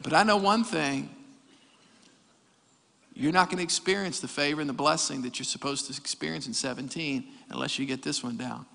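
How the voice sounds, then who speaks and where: Preacher in his 40s, high bright voice, fired up and joking with the crowd, big echoey church. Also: normal speed, gravelly. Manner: energetic preaching with jokes and crowd call-outs. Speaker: pastor. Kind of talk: sermon. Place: church hall. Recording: reverberant church hall.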